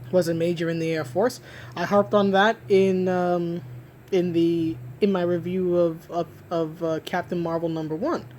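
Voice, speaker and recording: A woman's voice: mid-range voice, a little mellow, a little hiss or hum. A woman giving an emphatic solo rant about comics, restarting and repeating herself often as she argues her point. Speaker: comic book commentator.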